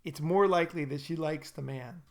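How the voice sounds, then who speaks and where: A man's voice: fairly high pitch, moderate pace. A man hosting a casual podcast chat, rambling and often repeating and restarting his words. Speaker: podcast host.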